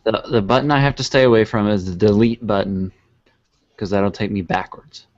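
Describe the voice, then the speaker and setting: A man co-hosts a casual online radio show, dropping dry wisecracks. He talks quickly in a somewhat low voice, and the audio is dull and lo-fi. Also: a little mellow. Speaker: co-host.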